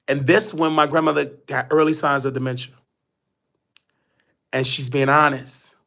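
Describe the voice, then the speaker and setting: Gravelly, bright-voiced talk show host. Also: male voice, a little high, flat delivery, moderate pace, long pauses. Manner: rambling, repetitive storytelling. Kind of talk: casual livestream monologue.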